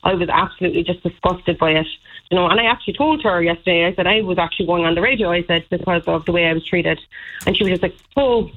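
A woman's voice: fairly low pitch, fast talker. A woman calling a radio show, upset and emphatic, with lots of fillers. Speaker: caller. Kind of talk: phone-in complaint. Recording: tinny phone line.

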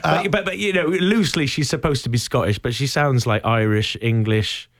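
A man's voice: mid-range voice, moderate pace, no echo, studio quality. A man being interviewed about his stage role, talking in an enthusiastic, chatty way with plenty of fillers. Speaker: stage actor guest. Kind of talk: casual chat.

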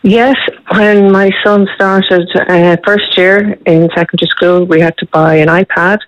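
A woman's voice: lowish voice, steady tone, a little slow, no room sound. A woman calling in to a radio show, talking plainly and a little hesitantly. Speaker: caller. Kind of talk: radio phone-in. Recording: dull phone line.

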